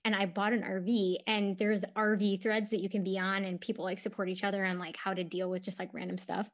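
A woman's voice: mid-range voice, a little fast. A woman co-hosting a podcast, telling stories in a loose, chatty way with frequent laughter. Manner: animated storytelling with laughter. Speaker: podcast co-host. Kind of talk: casual chat.

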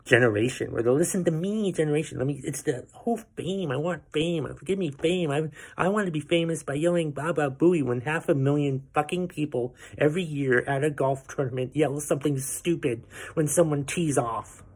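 A man's voice: fairly high pitch, fairly quick, hardly any pauses, slightly rough. A man hosting a podcast, ranting about everyday annoyances with profanity and sarcastic asides. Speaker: podcast host. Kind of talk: ranting commentary.

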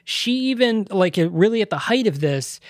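A podcast co-host in casual movie review chat, animated, swearing freely and laughing often. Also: mid-range voice, normal speed, no echo, clean studio sound.

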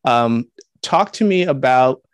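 A man hosting an interview, asking measured questions and giving brief affirmations. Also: medium pitch, lively intonation, clear, resonant tone, no echo. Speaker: interview host. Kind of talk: casual interview conversation.

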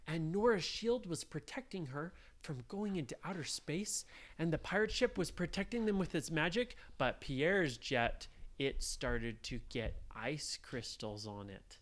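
A woman in her thirties telling a made-up bedtime story to children, slow and playful. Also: sits low, expressive.

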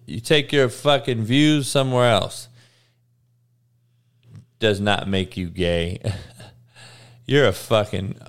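Hungover man talking slow and crude. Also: on the low side, clean tone. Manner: crude, blunt trash talk with frequent swearing; slow, monotone delivery. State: hungover, sluggish. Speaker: live-stream host reading chat. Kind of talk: casual profane live-stream chat.

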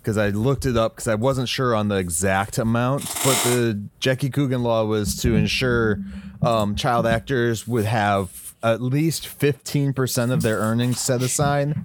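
A man's voice: medium pitch, steady tone, measured pace, a little hiss or hum. A man co-hosting a podcast, rambling loosely in casual chat with lots of filler words. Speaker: podcast co-host.

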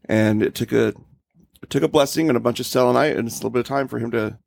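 A man's voice: mid-range voice, fast talker, vocal fry, no room sound, studio quality. A man co-hosting a podcast in casual chat, earnest and emphatic, repeating words for stress.

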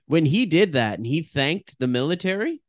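A man co-hosting a podcast, chatting casually in a relaxed, joking way. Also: fairly high pitch, moderate pace, no echo, studio quality. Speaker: podcast co-host. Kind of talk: casual recap chat.

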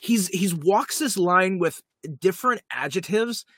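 A man's voice: high voice, animated, measured pace, fairly bright tone, husky, no echo, clean studio sound. Enthusiastic man talking TV favorites. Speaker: podcast co-host. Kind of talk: casual chat about TV.

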